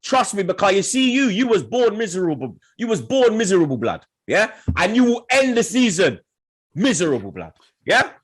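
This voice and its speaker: A man's voice: high-pitched, big pitch swings, moderate pace, slightly rough. A young man, hosting a football podcast and trash-talking rival fans in heated, laughing banter.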